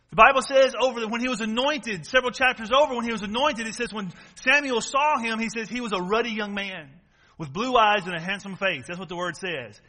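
A man preaches with a high, bright, ringing voice. He drives his points home with emphatic repetition and questions to the congregation. The sound carries a long reverb from a large hall. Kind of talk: sermon.

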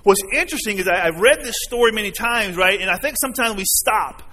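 Bright high-voiced preacher in a reverberant hall. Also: male voice, lively intonation, fast, a little hiss or hum. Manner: earnest, conversational, asks the congregation questions. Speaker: pastor. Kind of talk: sermon. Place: church sanctuary.

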